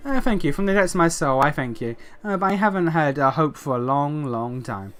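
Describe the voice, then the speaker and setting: A man reading the lines of a weary, guilt-ridden old dwarf knight aloud, with frequent uh fillers and a slightly high voice. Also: brisk, fairly bright tone, clean tone, close to an everyday voice. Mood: bitter.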